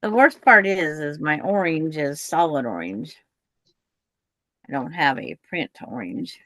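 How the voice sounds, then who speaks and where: A woman hosting a quilting livestream, chatting casually and calmly while she works. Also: low voice, dry recording. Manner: relaxed, chatty, drawn-out pace. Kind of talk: casual chat while crafting.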